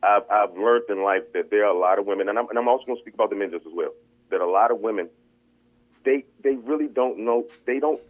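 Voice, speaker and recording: A man's voice: on the low side, fast talker. A man calling in to a casual talk show, speaking candidly and repeating words as he gathers his thoughts. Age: older. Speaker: caller. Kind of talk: casual chat. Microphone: phone. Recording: tinny phone line.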